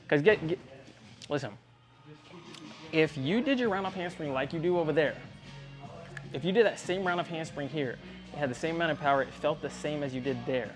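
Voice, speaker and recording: A man coaching a young athlete one-on-one in a gym, speaking directly and earnestly, often checking whether she believes him. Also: on the high side. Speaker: tumbling coach.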